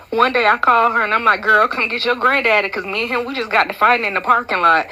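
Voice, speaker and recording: Bright-voiced woman telling a story. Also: medium pitch, low-quality recording. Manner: lively, laid-back storytelling with acted-out quotes. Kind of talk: casual storytelling to camera.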